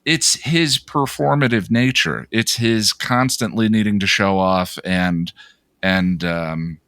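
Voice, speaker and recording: Low-voiced thoughtful male podcaster. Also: a bit bright, no echo, studio quality. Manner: thoughtful, analytical, hesitant with many pauses. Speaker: podcast co-host. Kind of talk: casual podcast discussion.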